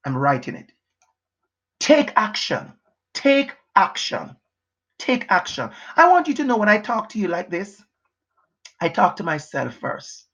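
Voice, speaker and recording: A man delivers an off-the-cuff motivational talk, repeating his points and pushing hard, at times breaking into shouts. The sound is dull and lo-fi. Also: high-pitched, sing-song, moderate pace. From Jamaica. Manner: emphatic, repetitive, pushing, sometimes shouting. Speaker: motivational educator. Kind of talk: unscripted motivational talk to camera. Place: house, indoors.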